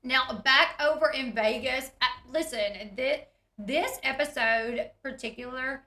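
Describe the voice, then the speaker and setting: A woman's voice: high voice, measured pace, sharp tone, echoey room. A woman, retelling reality TV scenes in a chatty, giggly way and acting out the quotes. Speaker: recap host. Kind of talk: casual reality TV recap.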